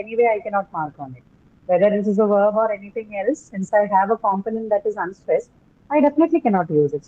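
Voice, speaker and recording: A woman's voice: mid-range voice, narrow, tinny audio. A woman teaching English pronunciation in a class, explaining patiently and often checking in with "right?". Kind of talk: classroom lecture on word stress.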